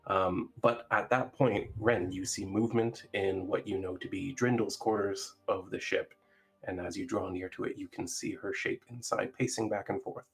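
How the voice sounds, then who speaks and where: A man narrating a tabletop game as dungeon master, halting and searching for words with many fillers. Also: on the low side, fairly even intonation, slightly rough.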